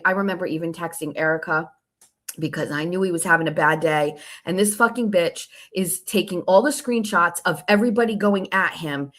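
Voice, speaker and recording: A woman hosting her own show tells a long story casually, sarcastically, and with profanity while reading out text messages. Her voice is on the low side with a fairly bright tone.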